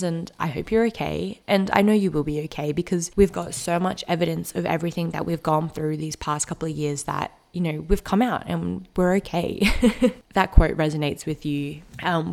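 A woman's voice: lowish voice, creaky, darkish tone. A woman in her twenties hosting a solo podcast, talking in an earnest, heartfelt and reassuring way. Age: 20s. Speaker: podcast host. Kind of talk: solo reflective podcast monologue.

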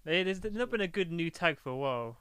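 Smooth-voiced podcast co-host. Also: male voice, on the high side, brisk, dry recording. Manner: relaxed, thoughtful, asks questions. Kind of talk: casual chat.

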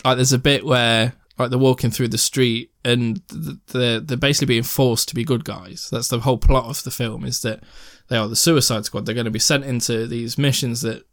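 A man's voice: medium pitch, fairly even intonation, moderate pace, hardly any pauses, dry recording, studio quality. A young man chatting casually about films as a podcast co-host, rambling and swearing, laughing often. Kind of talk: casual film chat.

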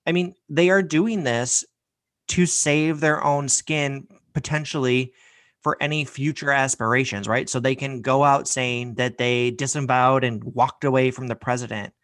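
A man's voice: medium pitch, steady tone, measured pace, a bit bright, no room sound. A man hosting a podcast, giving a heated, sarcastic opinion rant full of profanity. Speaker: podcast host.

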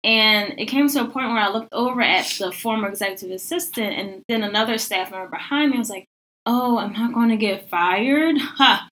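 A young woman tells a story in casual podcast chat, her voice bright and sitting a little high. She fills her speech with "like" and jumps higher in pitch when she acts out what others said. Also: normal speed. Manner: lots of "like" fillers. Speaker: podcast guest telling a story.

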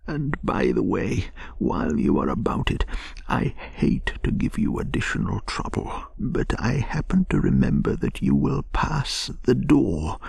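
A man's voice: medium pitch, big pitch swings, measured pace, vocal fry, a little mellow, husky, dry recording, in a whisper, pitched above the performer's own voice, heavily acted. A man doing a feeble self-pitying toad. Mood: feebly self-pitying. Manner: feeble, sighing, melodramatic. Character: languid self-pitying male toad, feigning illness. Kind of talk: gentle bedtime story reading.

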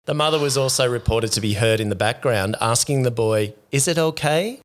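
A man co-hosting a casual podcast, reading out news items with dry, deadpan jokes. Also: mid-range voice, brisk. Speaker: podcast co-host. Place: living in Vietnam.

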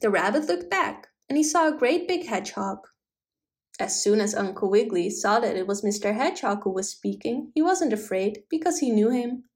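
A woman reading a children's bedtime story aloud, gentle and expressive. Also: a little high, normal speed.

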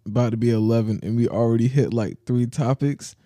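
Young man, podcast co-host, laid-back and slangy, deep dark tone, dry sound. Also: brisk, dry recording. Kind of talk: casual chat.

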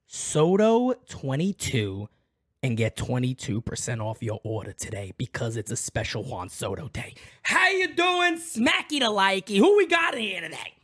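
A man's voice: fairly high pitch, moderate pace, hardly any pauses, husky. Hyped-up man hosting a live stream. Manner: loud, excitable, shouts out chat names.

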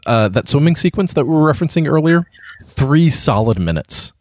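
A man's voice: on the high side, a little fast, no echo. Guy on a podcast mic, voice jumps all over, joking film chat, dry close sound. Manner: animated, joking, puts on mock narrator voices. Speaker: podcast co-host. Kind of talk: casual film discussion.

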